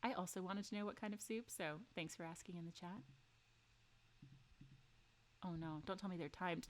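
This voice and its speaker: A woman streaming a story game, reading its lines aloud and chatting with her viewers, excitable and quick to gasp and swear. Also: mid-range voice. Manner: excitable, gasping, laughing and swearing between read lines.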